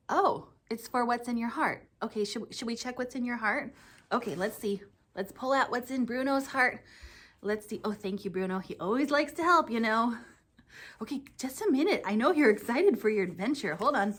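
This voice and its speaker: A woman's voice: a little high, animated, normal speed, fairly bright tone. A woman teaching a children's church lesson, speaking in a sing-song, exclaiming way as she chats with a dog puppet.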